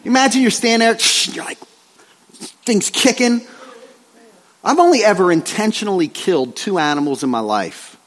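A middle-aged man preaches with animated, joking storytelling, checking in with "right?" along the way. His voice sits high and swings widely in pitch. A long reverb hangs in the church sanctuary. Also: moderate pace, long pauses. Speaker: pastor. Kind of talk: sermon.

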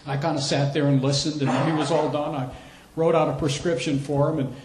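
A man's voice: fairly high pitch, little pitch movement, brisk, echoey room, noisy background. A man preaching a sermon as a missionary, telling stories with animation and repeating phrases for emphasis. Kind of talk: sermon with storytelling.

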